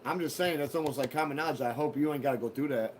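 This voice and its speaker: A man's voice: a little high, fast, darkish tone, slight background noise. A man hosting a casual live stream, rambling to his viewers with profane, mock-threatening banter. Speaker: livestream host.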